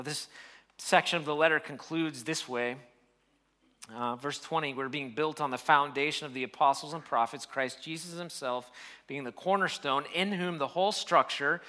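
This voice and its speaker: Bright-voiced preacher man. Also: fairly high pitch, normal speed. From United States. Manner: preaching with rising emphasis, reading scripture aloud. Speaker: pastor. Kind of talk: sermon.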